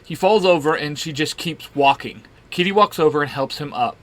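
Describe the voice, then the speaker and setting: A man narrating a fan comic story aloud with an expressive delivery. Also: mid-range voice, normal speed, hardly any pauses.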